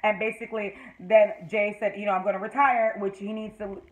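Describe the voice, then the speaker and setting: Jamaican woman, excitable TV fan reviewer, chatty rambling recap. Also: mid-range voice, fairly quick, low-quality recording. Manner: excitable, rambling retelling with many fillers. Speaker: TV episode reviewer.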